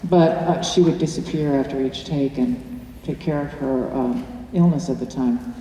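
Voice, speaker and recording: A woman's voice: extremely low pitch, moderate pace, dark tone. Older woman telling stories in an echoey cinema. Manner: chatty, anecdotal, laughing often. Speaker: actress answering audience questions. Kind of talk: post-screening Q&A. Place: cinema auditorium. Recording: echoey hall from far off, faint room noise.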